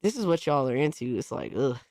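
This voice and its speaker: A woman hosting a casual livestream, reacting to things in an excitable, slangy, profane way. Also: very deep voice, a little fast. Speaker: livestream host.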